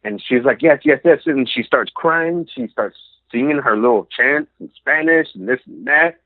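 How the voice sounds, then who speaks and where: A man's voice: mid-range voice, lively intonation, normal speed, dry recording. A man, a podcast guest, telling a story with animation and acting out the lines he quotes. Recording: dry, phone-like lo-fi audio.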